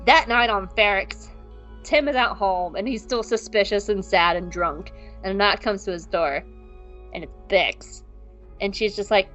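A young adult woman co-hosting a podcast, recapping an episode in a casual, joking way and acting out characters in quick voices. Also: mid-range voice, fairly bright tone, faint music behind. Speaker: podcast co-host.

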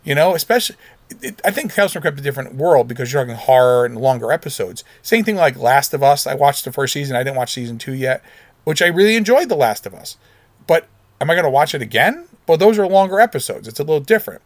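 Talking fast and very animated in a mid-range voice, a middle-aged man runs his solo podcast with no echo. He's casual and conversational, rambling, cutting himself off, restarting sentences and sometimes getting emotional.

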